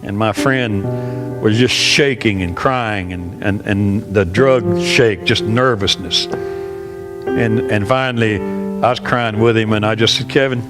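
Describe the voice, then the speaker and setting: A man in his sixties, a pastor, telling an earnest story in a sermon, halting and often repeating himself. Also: fairly low pitch, over loud music. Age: 60s.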